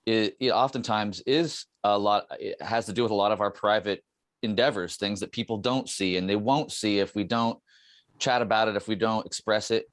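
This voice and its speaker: A middle-aged man hosting a podcast, speaking earnestly and haltingly, restarting and repeating words as he works out his ideas. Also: fairly low pitch, steady tone, no echo, studio quality. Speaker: podcast host. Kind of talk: reflective podcast conversation.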